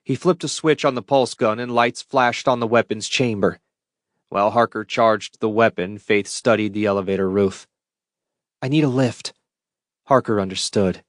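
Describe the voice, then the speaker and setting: A man narrating a science fiction audiobook in a steady, measured read into a close mic. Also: lowish voice, no echo. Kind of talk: scripted narration.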